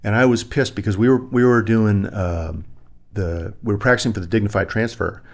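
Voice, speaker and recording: A man's voice: fairly low pitch, fairly quick. A middle-aged man, a retired army pilot being interviewed, telling war stories and acting out other people's voices. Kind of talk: animated storytelling in conversation.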